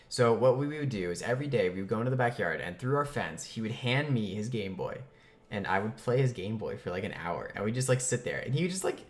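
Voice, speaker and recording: A man with a fairly low voice tells a funny childhood story in a loose, chatty way. He leans on fillers and rises into bursts of mock outrage as he goes. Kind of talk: casual comedic storytelling.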